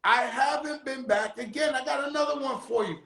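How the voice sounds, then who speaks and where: A man hosting his own live stream, telling a story in a casual, animated and profane way, with sudden shouted bursts. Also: very high voice, moderate pace, vocal fry, roomy sound, poor audio. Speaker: livestream host telling a story. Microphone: phone on a live stream.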